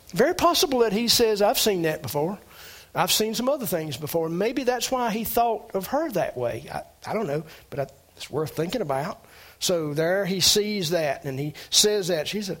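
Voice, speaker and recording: A man pastor preaching a sermon in a conversational way, restarting phrases and lifting his voice on key words. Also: fairly bright tone. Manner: conversational preaching, rising pitch on emphasis, frequent restarts.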